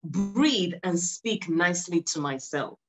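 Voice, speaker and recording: A woman's voice: fairly low pitch, expressive, takes it slowly, faint music behind, poor audio. A woman, a guest on a podcast interview, speaking earnestly and encouragingly and repeating words for emphasis. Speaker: podcast guest, mindset stylist. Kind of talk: conversational interview.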